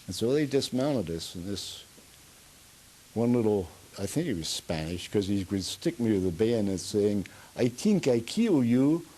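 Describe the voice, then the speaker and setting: A man's voice: lowish voice, normal speed, mellow, low-quality recording. An older man in an oral history interview, a rambling storyteller who chuckles as he goes, with a Pennsylvania Dutch accent. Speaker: veteran being interviewed.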